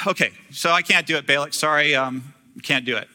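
A man's voice: a little high, moderate pace, sharp tone. A man voicing a greedy, hesitant prophet for hire, in casual modern speech, during a sermon. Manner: casual modern wording, whiny.

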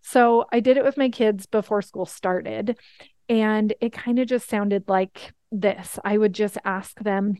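A woman's voice: mid-range voice, fairly even intonation, slow pace, dark tone, clear, resonant tone, no room sound. A woman in her thirties teaching a coaching webinar, earnest and encouraging, often checking in with "right?". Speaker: life coach.

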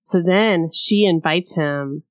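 A woman's voice: on the low side, slow pace, clean tone. A woman co-hosting a podcast in casual chat, wry and teasing, swearing freely. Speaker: podcast co-host. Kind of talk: casual chat recapping a show.

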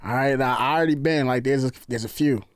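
A man's voice: medium pitch, quick pace, no echo, clean studio sound. A man from New York with a New York accent, chatting casually as a podcast guest in a laid-back, streetwise way. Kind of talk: casual chat.

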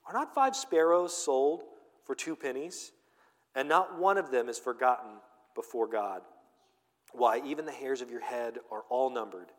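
A man preaching a sermon as pastor, emphatic, swinging between loud declarations and hushed, tender lines. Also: mid-range voice, normal speed, big-room sound.

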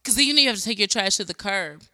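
A woman in her thirties co-hosting a podcast, chatting casually and throwing in quick, teasing remarks. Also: mid-range voice, lively intonation, sharp tone, no echo, clean studio sound. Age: 30s. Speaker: podcast co-host. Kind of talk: casual chat.

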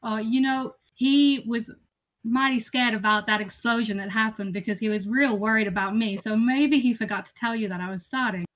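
A woman's voice: on the high side, fairly even intonation, normal speed, a bit bright, lightly acted. A woman voicing a chatty, flustered woman posing as a new worker in a tabletop role-play game. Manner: chatty, gushing, over-polite.

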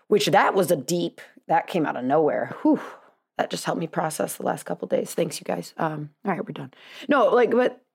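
A woman in her thirties hosts her own podcast with a slightly low, easy voice. She rambles through a personal story in a chatty, self-deprecating way, laughing at herself often. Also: creaky, darkish tone, husky. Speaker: podcast host, chiropractor. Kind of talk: casual storytelling monologue.

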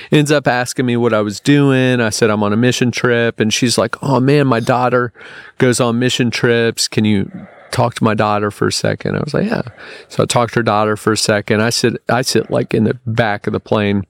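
A man's voice: medium pitch, no room sound, studio quality. A young man telling a personal story as a podcast guest, rambling with lots of fillers and restarts. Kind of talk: casual storytelling.

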